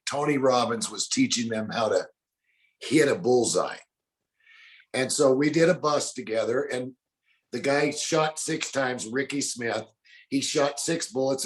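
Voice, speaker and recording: An older man telling animated stories in an interview, acting out the people he quotes. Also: medium pitch. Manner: colorful storyteller, acts out quotes in other voices. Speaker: bounty hunter guest.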